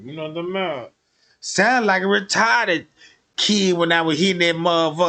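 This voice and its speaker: A man's voice: high voice, lively intonation, moderate pace, a bit bright. A man streaming, telling a crude comic story in a profane, rambling way and often checking that listeners follow.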